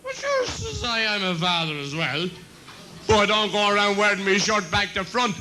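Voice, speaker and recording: A man's voice: high-pitched, big pitch swings, moderate pace, pushed and bright, a little hiss or hum, poor audio. A man doing bawdy stand-up jokes on stage, chuckling at his own punchlines. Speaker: comedian and compere.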